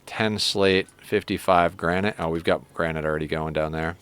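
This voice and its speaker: A man's voice: low-pitched, fairly even intonation, normal speed, fairly bright tone, clean tone. A man streaming a game, chatting casually and joking with his viewers. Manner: chatty, joking, talks to chat and his cat. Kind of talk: casual live-stream chat while playing.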